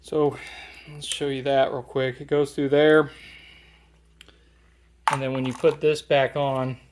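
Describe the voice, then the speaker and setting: A man's voice: mid-range voice, slow, background noise. Casual man explaining a garage repair. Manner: relaxed, thinking aloud with many fillers. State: slightly out of breath at times. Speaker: DIY car restorer. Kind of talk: casual how-to narration while working. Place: home garage.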